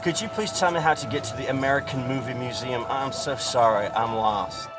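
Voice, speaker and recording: A man's voice: mid-range voice, fairly quick, over loud music, natural voice. An actor playing a lost young man who speaks politely and apologetically. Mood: shy.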